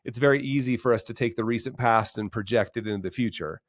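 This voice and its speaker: Speaking quickly in a medium-pitched voice, this middle-aged financial planner hosts a podcast interview. His tone is casual, he frequently starts sentences over, and he perks up whenever he's recounting a story.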